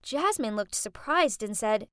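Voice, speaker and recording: Young woman, story narrator, high voice, very lively pitch, dramatic, dry close sound. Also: measured pace, smooth, dry recording. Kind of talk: first-person animated story narration.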